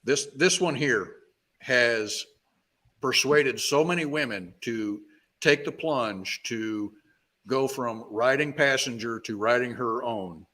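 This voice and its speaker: A man's voice: mid-range voice, takes it slowly, bright, forceful tone. A man in a casual group chat who jokes with the others.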